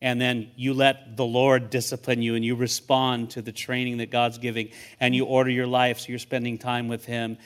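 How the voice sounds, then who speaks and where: A man's voice: mid-range voice, monotone, moderate pace, few pauses, fairly bright tone, clear, resonant tone. An older man, a guest pastor, preaching to a church congregation in a conversational, storytelling way, often repeating words as he starts a thought. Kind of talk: sermon.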